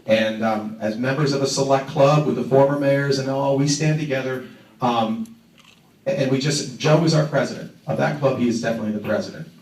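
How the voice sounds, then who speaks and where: Halting man giving a tribute, echoey hall. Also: medium pitch, darkish tone, recorded from a distance. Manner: halting, filler-heavy, self-deprecating humor. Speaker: neighboring town mayor giving tribute. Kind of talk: banquet tribute speech. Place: banquet hall.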